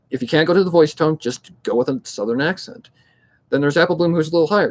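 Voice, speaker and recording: A man's voice: on the high side, fast. A man chatting casually as a hobby narrator, rambling, blunt and swearing freely, giving pep-talk advice and repeating himself. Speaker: fan audiobook narrator.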